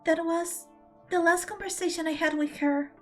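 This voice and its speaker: A woman's voice: very high voice, fairly even intonation, moderate pace, faint music behind. A woman streamer reading video game dialogue aloud, dramatic and emotional, close to tears.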